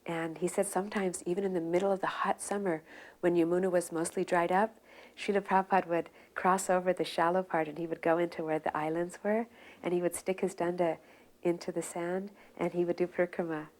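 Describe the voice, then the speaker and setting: Soft-spoken woman telling remembered stories. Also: on the low side, a little fast. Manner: soft-spoken, relaxed, with fillers and restarts. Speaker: devotee recounting memories. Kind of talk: reminiscing storytelling.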